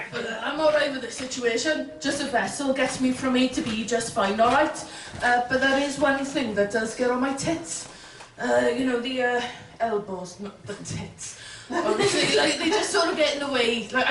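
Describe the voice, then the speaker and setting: A woman doing a stand-up routine with deadpan, chatty asides. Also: high-pitched, recorded from a distance. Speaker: stand-up comedian. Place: comedy club stage. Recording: echoey, noisy room from afar.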